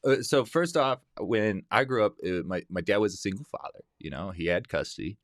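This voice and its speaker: A man's voice: fairly low pitch, animated, a little fast, no echo, studio quality. A man guest on a casual podcast chat, rambling with many restarts.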